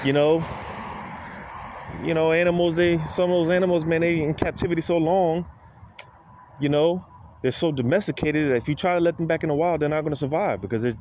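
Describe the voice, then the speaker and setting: A man's voice: a little high, fairly quick, a little mellow. Weary man preaching over street noise. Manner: repetitive, fills with "man" and "you know"; weary, grievance-filled tone. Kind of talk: informal preaching monologue.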